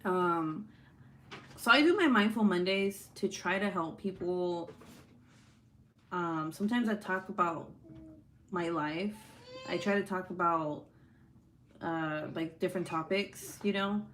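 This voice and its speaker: A woman's voice: lowish voice, slow, pauses often, a bit bright, a little hiss or hum. A young woman and mother talking casually to her viewers at home, blunt and profane, laughing often and breaking off to deal with her kids. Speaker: vlogger and mother. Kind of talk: casual talking-to-camera vlog. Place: at home, with children nearby.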